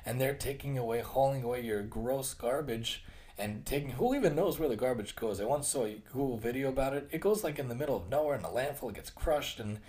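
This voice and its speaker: A man speaks in a relaxed, unscripted podcast monologue with a mellow, darker tone. He is earnest and sometimes trips over a word and starts again. Now and then he acts out what other people say in a different tone. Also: medium pitch, brisk. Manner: earnest, repeats and restarts phrases; acts out quoted remarks in other tones. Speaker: podcast host; occupational therapist. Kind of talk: casual monologue.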